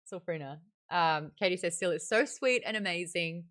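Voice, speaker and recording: A woman hosting a casual book club discussion, chatty and animated, laughing often. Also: lowish voice, unhurried.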